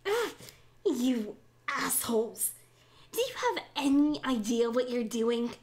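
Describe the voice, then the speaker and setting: A woman's voice: fairly high pitch, measured pace, lightly acted. A woman voicing a spiteful winged female fae villain who curses and sneers at humans, in a narrated Minecraft role-play. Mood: furious. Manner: scornful, cursing, looks down on humans.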